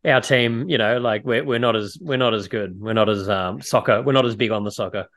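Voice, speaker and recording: A man's voice: fairly low pitch, a little fast, fairly bright tone. A man hosting an interview podcast, mostly giving brief encouraging acknowledgements. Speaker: podcast host.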